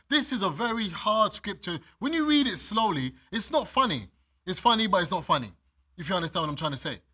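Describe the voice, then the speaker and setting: A man's voice: high-pitched, bright, forceful tone, breathy edge. A man preaching a sermon. He reads scripture aloud, explains it, and speaks straight to his listeners with everyday examples. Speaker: minister.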